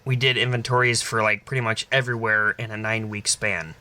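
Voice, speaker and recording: Young male co-host, bright, forceful tone, laid-back and swears casually. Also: on the low side, flat delivery, brisk. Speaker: podcast co-host. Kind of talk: casual chat.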